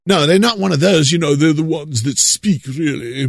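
A man from the United States preaching a monologue, leaning hard on drawn-out stresses and repeating words for effect. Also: fairly high pitch, creaky, no room sound, studio quality.

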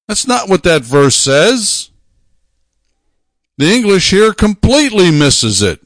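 A man preaching a sermon, talking emphatically, repeating phrases and slowing down to stress his points. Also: high voice, sing-song, a bit bright, no room sound, studio quality.

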